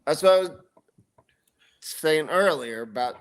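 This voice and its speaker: Slightly high-voiced man guesting on a chat. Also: expressive, unhurried, slight background noise. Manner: laid-back storyteller, swears freely. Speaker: podcast guest. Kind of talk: casual chat.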